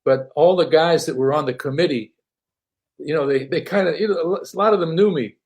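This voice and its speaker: An older man, a singer-songwriter, telling stories casually as an interview guest, animated, laughing often and repeating words. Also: on the high side, a little fast, muffled recording. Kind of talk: casual storytelling.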